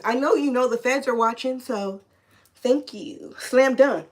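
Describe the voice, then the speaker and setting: Woman, tarot reader, phone live stream, animated, indignant, swears a lot, mid pitch. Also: moderate pace, creaky.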